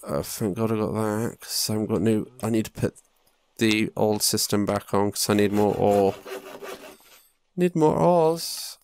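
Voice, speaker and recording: A man's voice: lowish voice, measured pace, darkish tone, smooth. A young man muttering to himself and swearing casually while commenting on his own gameplay. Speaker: gaming YouTuber. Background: faint game music.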